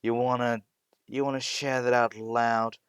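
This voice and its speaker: A man voicing a hot-tempered, foul-mouthed teenage boy who snarls slow, heavy threats in a spoken fan story. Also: mid-range voice, level tone, clean tone, dry recording, studio quality, close to an everyday voice. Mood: angry.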